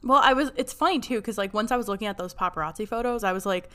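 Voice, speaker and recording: A woman's voice: medium pitch, fairly bright tone, clean tone. A young adult woman co-hosting a casual podcast, chatty and hedging, recapping and discussing a show. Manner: chatty, hedging, quick to laugh. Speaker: podcast co-host.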